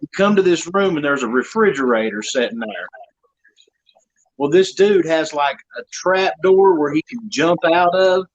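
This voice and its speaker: A man hosting a casual chat, telling a story with animated laughter. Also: on the high side, moderate pace, lo-fi sound. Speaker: host.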